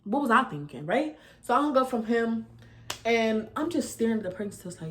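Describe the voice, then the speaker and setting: Brief: twenties woman, New York accent, vlog storytime, slangy and animated, voice sits a bit high. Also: a little fast, slight background noise. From New York City. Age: 20s. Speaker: vlogger. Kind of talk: casual storytime.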